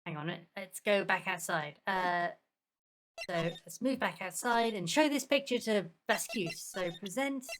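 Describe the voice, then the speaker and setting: A woman's voice: medium pitch, normal speed, a bit bright. A woman playing through a video game, chatting to herself as she reads the dialogue aloud. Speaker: game streamer. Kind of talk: let's-play commentary, reading game dialogue aloud. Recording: noisy home recording.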